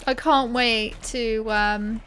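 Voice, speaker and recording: A woman's voice: a little high, fairly even intonation, slow pace, fairly bright tone, slight background noise. A woman streaming a game, reading quest text aloud in character voices and chatting casually with her viewers.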